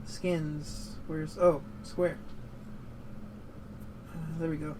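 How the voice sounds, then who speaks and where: A man's voice: fairly high pitch, flat delivery, drawn-out words, background noise. A man giving casual gaming commentary, rambling and swearing as he rants about a movie. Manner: rambling, profane, prone to heated rants. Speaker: gaming show co-host.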